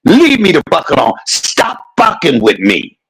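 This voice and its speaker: A vlogger in his fifties unleashes an angry, profane rant at his viewers, repeating points to drive them home. His gravelly, husky voice is a little high and slightly bright, swinging wildly in pitch at an unhurried pace. The recording is dry and rough.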